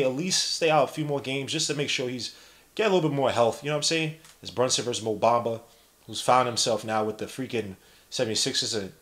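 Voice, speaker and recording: A young man hosting a podcast gives casual live play-by-play in a medium-pitched voice. He's animated and slangy, reading the chat aloud as he goes.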